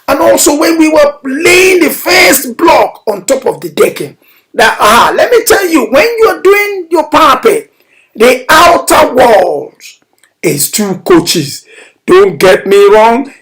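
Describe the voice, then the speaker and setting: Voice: mid-range voice, poor audio. A building contractor giving a casual video tour of a building site outdoors. They speak emphatically and enthusiastically, repeat key phrases, and now and then raise their voice.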